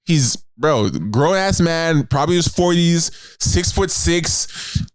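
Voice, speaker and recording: A man in his thirties, a podcast co-host, telling a story in casual, animated, profane chat. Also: on the high side, slow pace, no room sound. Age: 30s.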